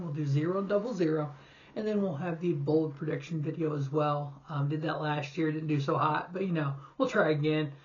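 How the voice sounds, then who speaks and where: A man's voice: a little high, muffled recording. Rambling man hosting a sports show. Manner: rambling, reads stats in quick lists. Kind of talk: casual solo sports talk.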